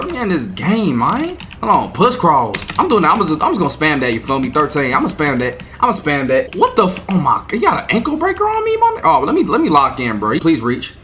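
A young man giving loud, slangy, trash-talking commentary while playing a basketball video game. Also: on the high side. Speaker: gaming YouTuber. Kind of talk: gameplay commentary.

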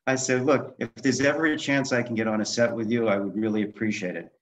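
A man's voice: medium pitch, fast talker, slight background noise. A man in his sixties, an author and director, telling stories in a podcast interview and acting out the dialogue. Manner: animated anecdotes, acting out quoted dialogue. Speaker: guest, author and film director. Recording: dull lo-fi sound.

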